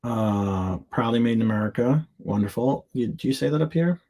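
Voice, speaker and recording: Reading viewers' product listings off the screen in fragments, a man hosts a live show and gives candid, chatty feedback with asides and jokes. His voice is mid-range, mellow and expressive, at a moderate pace.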